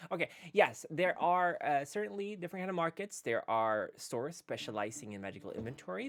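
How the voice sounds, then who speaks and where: A game master from Sweden, narrating a tabletop game in a playful way with frequent laughs and hesitant fillers. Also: medium pitch.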